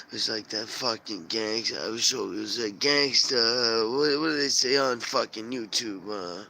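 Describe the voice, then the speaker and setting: A man's voice: medium pitch, creaky, pushed and bright. A man vlogging a rambling, agitated personal monologue, swearing constantly. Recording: noisy home recording.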